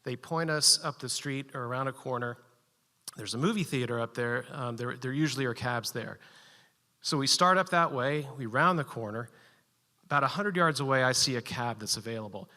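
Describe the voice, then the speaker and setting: A man telling a personal story live at a story slam, animated and building suspense with short, punchy sentences. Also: mid-range voice, moderate pace, long reverb tail.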